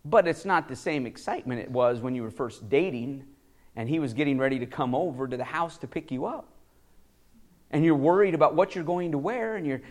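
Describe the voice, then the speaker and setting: Man, pastor, high-pitched voice, animated sermon, chuckling, repeats words. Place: church.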